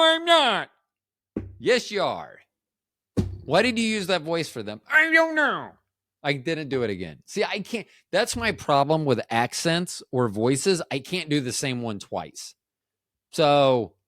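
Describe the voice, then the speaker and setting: Male podcast host, lively pitch, jokey and self-mocking, dry close mic. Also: no room sound. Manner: joking, self-deprecating, trails off and restarts. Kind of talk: rambling solo podcast chat.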